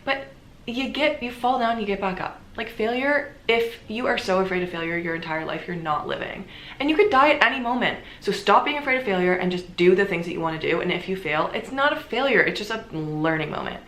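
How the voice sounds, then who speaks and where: A woman's voice: mid-range voice, lively intonation, a little fast, fairly bright tone. A young woman vlogger talking casually and earnestly to camera, full of "like"s. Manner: chatty, earnest, many filler "like"s. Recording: echoey room.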